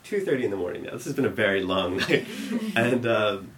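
A man's voice: fairly low pitch, lively intonation, brisk, a bit bright, a little hiss or hum. A young man telling a long funny story, rambling with many restarts and laughing at his own lines. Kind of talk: live storytelling.

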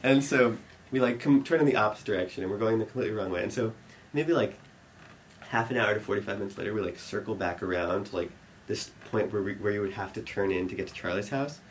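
A young man telling a rambling story to an audience, full of fillers, growing animated and laughing as it builds. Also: lowish voice, quick pace, a little hiss or hum.

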